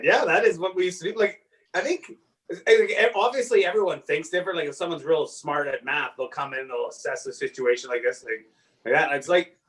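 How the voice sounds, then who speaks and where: Rambling comedian, heard off-mic. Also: male voice, sits high, far from the mic, low-quality recording. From Saskatchewan, Canada. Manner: rambling, self-deprecating storyteller, acts out quotes loudly. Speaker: stand-up comedian guest. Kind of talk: casual podcast chat.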